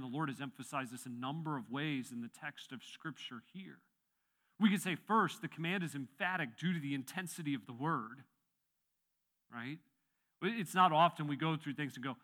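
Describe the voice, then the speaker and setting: A man's voice: mid-range voice, pushed and bright. A man giving a sermon as pastor, preaching emphatically and rising and falling on key phrases.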